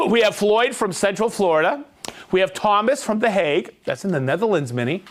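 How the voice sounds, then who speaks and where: A man hosting a livestream, reading out viewer shout-outs in an upbeat, jokey way. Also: sits high, lively intonation, brisk. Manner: upbeat, jokey, rattling off names and places. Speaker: livestream host.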